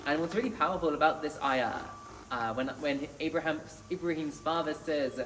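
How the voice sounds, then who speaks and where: A man's voice: fairly high pitch, lively intonation, moderate pace, fairly bright tone. A man giving an earnest Friday sermon in a mosque, reciting Arabic scripture between his points. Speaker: mosque preacher. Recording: echoey hall, distant mic, faint noise.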